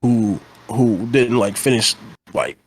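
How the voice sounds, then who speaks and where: A man's voice: lowish voice, slow pace, breathy edge. A young man co-hosting a podcast, chatting casually in a rambling, profane, exasperated way and laughing often. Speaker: podcast co-host. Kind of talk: casual chat.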